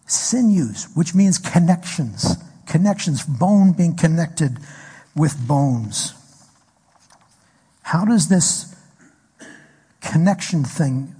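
A man's voice: fairly high pitch, dark tone, husky. A man preaching a sermon as pastor, telling a story and asking the congregation questions. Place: church hall. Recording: echoey hall recording.

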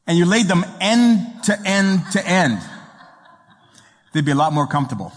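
A man preaching a sermon as a guest pastor, telling jokes and stories with halting restarts. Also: high voice, lively intonation, big-room sound, a little hiss or hum. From raised in an Italian home. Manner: joking storyteller, halting restarts. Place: church sanctuary.

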